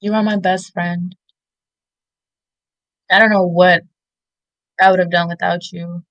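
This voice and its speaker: A woman in her thirties giving tearful, heartfelt shout-outs in an interview, halting with many fillers. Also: lowish voice, flat delivery, no room sound, highs cut off. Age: 30s. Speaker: interview guest.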